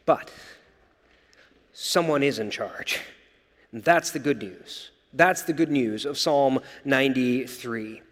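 A male pastor preaching a sermon, earnest and emphatic, slowing down for proclamations. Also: medium pitch, fairly bright tone, in a large hall.

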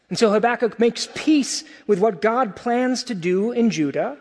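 A male pastor preaching a sermon in a conversational, animated way, with casual asides. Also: high voice, a little slow, hardly any pauses, in a large hall.

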